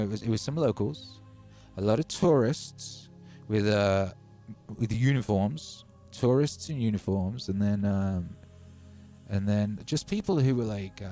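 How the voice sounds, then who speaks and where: A man's voice: fairly low pitch, darkish tone. A man hosting a livestream from his home studio, chatting casually and telling rambling stories with a sardonic edge. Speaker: livestream host.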